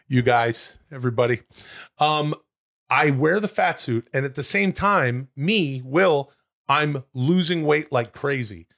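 A man co-hosting a comedy podcast, brainstorming in a casual, excitable way, swearing freely and jumping up in pitch as he riffs. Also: a little slow. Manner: animated, excitable, jumps high in pitch when riffing. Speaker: podcast co-host.

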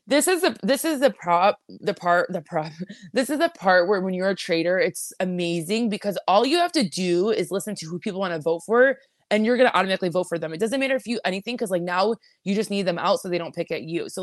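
A woman co-hosting a podcast, rambling casually with lots of fillers and quick asides. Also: mid-range voice, no echo, studio quality. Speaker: podcast co-host. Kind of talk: casual recap chat.

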